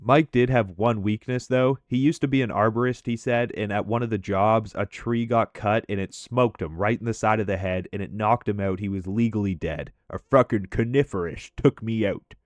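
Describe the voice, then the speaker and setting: A man's voice: fairly low pitch, moderate pace, few pauses, no echo. A man casually telling a story over gameplay commentary, chatty and loose, often laughing and tagging lines with "right?".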